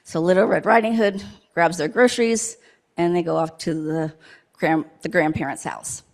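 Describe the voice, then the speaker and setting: A woman's voice: fairly low pitch, steady tone, normal speed, gravelly. A woman in a church service telling a playful story to children, asking them questions as she goes. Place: church sanctuary.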